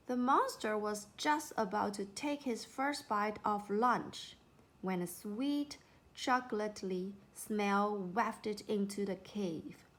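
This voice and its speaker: Slow, expressive woman reading a storybook. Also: mid-range voice. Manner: unhurried, expressive narration.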